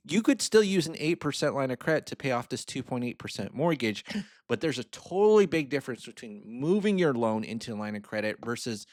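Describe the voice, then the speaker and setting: A man's voice: medium pitch, no echo. A man talks through loan numbers on screen in a loose, rambling way and laughs often at his own asides. His voice sits in a middle register. The sound is close and dry, with no room in it. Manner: rambling, self-amused, chuckles often. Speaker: finance mentor. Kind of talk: casual screen-share walkthrough.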